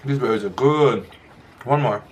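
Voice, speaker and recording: A man's voice: medium pitch, moderate pace. A man chatting casually while he eats in a mukbang video, rambling and stopping to chew between sentences. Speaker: mukbang vlogger. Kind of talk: casual chat while eating.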